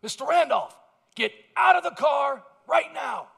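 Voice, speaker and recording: A man acting out a stern male police officer who shouts commanding orders, with a long church reverb. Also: sits high, sing-song, quick pace, creaky, slightly rough, full character voice.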